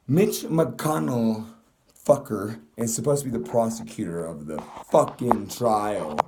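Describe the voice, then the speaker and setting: A young man rants at his camera in a middle-pitched voice, angry and foul-mouthed, cursing through nearly every sentence. It is a loose, heated monologue for a vlog audience. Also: darkish tone, slight background noise. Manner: angry, profane, heavy swearing. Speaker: vlogger. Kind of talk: ranting political monologue.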